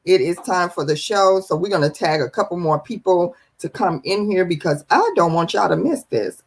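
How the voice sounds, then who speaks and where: Woman livestream host, chatty and lively, greets viewers one by one. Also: on the low side, normal speed, few pauses, husky. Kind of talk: live-stream chat show.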